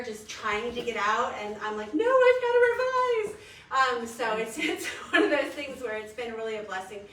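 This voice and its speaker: A woman's voice: a little high, bright, forceful tone. Chatty woman author, echoey distant sound. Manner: chatty, self-deprecating, quick asides. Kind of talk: casual talk at a live book event. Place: bookstore event. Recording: echoey room, distant mic, noise.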